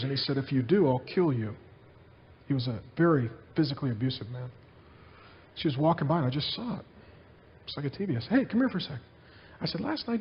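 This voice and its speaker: A man's voice: a little high, slightly rough, dull audio. A man preaching, telling stories in a conversational way and often repeating himself. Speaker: pastor. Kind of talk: preaching to a conference crowd.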